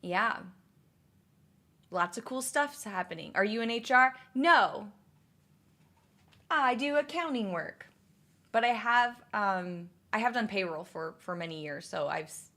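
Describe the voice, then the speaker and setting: Young woman, livestream chatter, rambling and filler-heavy, mid-pitched. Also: animated, unhurried, long pauses, sharp tone. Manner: rambling, answers chat messages, many fillers and restarts. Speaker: streamer chatting with viewers. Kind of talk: casual livestream chat.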